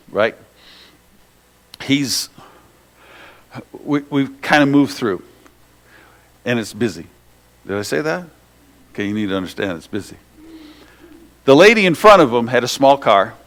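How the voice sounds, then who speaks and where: A male pastor telling a story in a sermon, animated, with restarts and asides to his listeners. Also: medium pitch.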